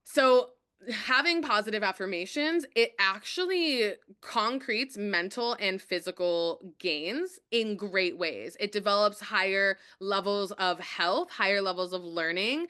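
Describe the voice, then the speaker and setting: An upbeat woman hosting a motivational webinar from home over a video call, encouraging her viewers and reading out their chat replies. Her voice is bright and forward, smooth and crisply clear. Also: medium pitch, lively intonation, unhurried. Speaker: webinar host.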